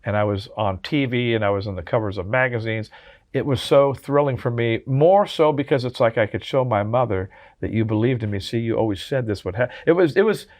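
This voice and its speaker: A man's voice: medium pitch, brisk, a little mellow. A man in his sixties, a guest telling heartfelt stories in an interview, earnest and full of restarts. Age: 60s. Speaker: drummer and memoir author, guest. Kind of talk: interview conversation.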